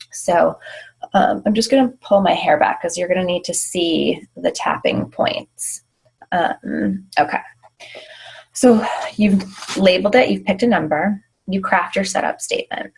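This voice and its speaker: Brief: woman, tapping instructor, gravelly edge, breathy tone, relaxed and informal. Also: lowish voice, low-quality recording. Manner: informal, filler-heavy, slow repeated affirmations. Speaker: tapping teacher. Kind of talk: guided tapping demonstration. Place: home.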